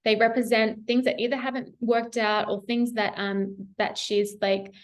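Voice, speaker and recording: A woman's voice: on the high side, flat delivery, moderate pace. A young adult woman giving a casual tarot reading, chatty and encouraging, laughing often and talking with many fillers. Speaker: tarot reader.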